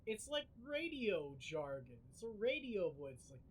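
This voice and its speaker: A man's voice: high-pitched, big pitch swings, normal speed, hardly any pauses, slight background noise, low-quality recording. A man chatting casually to his viewers on a live game stream, rambling loosely and filling his speech with lots of "like". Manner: rambling, filler-heavy talk.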